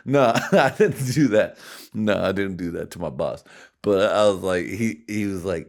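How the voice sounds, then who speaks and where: A man's voice: sits low, lively intonation, unhurried. A man from California hosting a podcast, talking in a rambling, profane comic monologue and often laughing at his own jokes. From California, USA. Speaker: podcast host.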